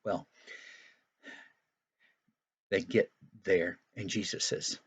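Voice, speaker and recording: A man's voice: deep voice, fairly even intonation, drawn-out words, slightly rough. A man teaching Sunday school, retelling a Bible story for young children in a folksy, explanatory way with frequent asides.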